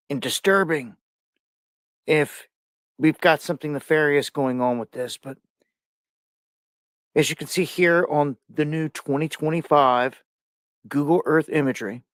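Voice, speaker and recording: A man's voice: a little high, no room sound, studio quality. A man commenting over a screen share, pointing things out in a conspiratorial way.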